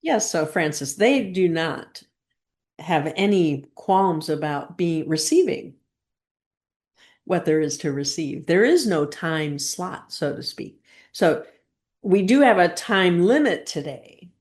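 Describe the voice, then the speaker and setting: A woman leading a channeling session, speaking as a collective "we" and asking gentle probing questions. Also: on the low side, big pitch swings, slow pace.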